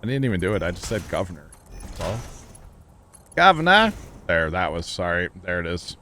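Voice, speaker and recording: A man chatting casually while livestreaming a video game, rambling and joking as he thinks out loud. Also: deep voice, quick pace, slight background noise. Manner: rambling, jokey, thinking aloud. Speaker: game streamer. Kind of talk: casual gameplay livestream chat.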